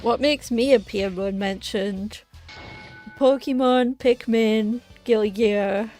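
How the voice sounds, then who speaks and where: Brief: young female streamer, laughs a lot, swears casually, slightly high voice, unhurried delivery, soft music underneath. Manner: giggly, animated, swears freely. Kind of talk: casual game stream chat.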